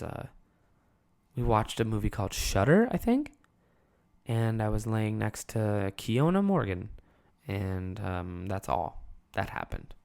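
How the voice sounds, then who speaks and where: Animated young man telling stories. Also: on the low side, gravelly. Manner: animated storytelling with profanity and acted-out quotes. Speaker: podcast host and comedian. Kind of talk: solo storytelling podcast.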